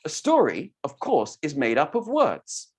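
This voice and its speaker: A storytelling teacher leading an online workshop, demonstrating voices and mouth shapes with animated delivery. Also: medium pitch, measured pace, husky.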